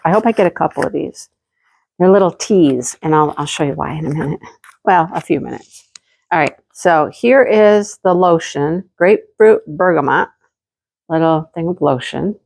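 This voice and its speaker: A woman's voice: medium pitch, darkish tone. Chatty woman vlogger unboxing yarn. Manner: chatty, talks directly to viewers. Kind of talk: casual unboxing chat.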